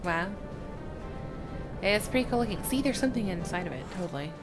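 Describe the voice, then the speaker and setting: A woman's voice: fairly low pitch, lively intonation, brisk. A woman giving casual, playful gameplay commentary, laughing often. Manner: giggly, playful. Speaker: let's play host. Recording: game music under her voice.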